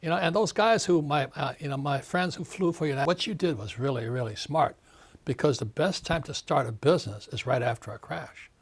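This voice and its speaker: A man's voice: on the high side, brisk, breathy edge. A man in his seventies, an author being interviewed, ranting emphatically, repeating words and mimicking others. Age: 70s. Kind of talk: animated interview talk.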